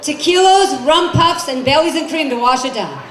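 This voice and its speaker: A woman's voice: sits high, moderate pace. A woman in her forties doing a stand-up comedy set on a club stage, brassy and chatty, questioning the crowd. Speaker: stand-up comic. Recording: echoey club with crowd noise. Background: crowd laughter and room noise.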